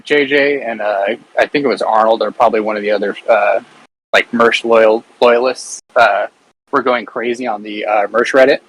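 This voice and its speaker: A man's voice: on the low side, steady tone, normal speed, fairly bright tone, rough recording. A man joining a podcast as a guest, telling his story in a laid-back, profane way. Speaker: guest caller. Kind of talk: casual podcast chat.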